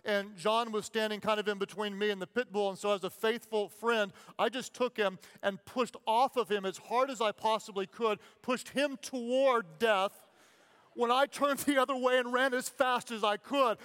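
A pastor delivers his sermon in a high, clear, resonant voice that rings out through a large church hall. He tells stories with animated energy and slows right down to stress his main points. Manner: animated storytelling, repeats key lines slowly for emphasis.

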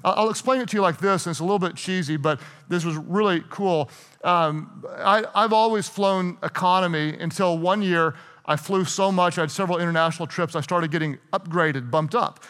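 Man, pastor, sermon, middle-aged, high-pitched, animated storytelling, long hall echo. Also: brisk. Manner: storytelling, animated, self-interrupting with repeated restarts. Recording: hall reverb.

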